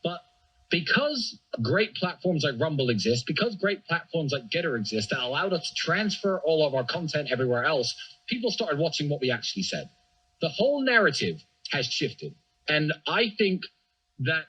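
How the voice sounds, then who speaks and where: Male podcast guest, husky voice with a lifted pitch and lively swings, emphatic. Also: muffled recording. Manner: emphatic, animated storytelling with acted quotes. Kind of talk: casual chat.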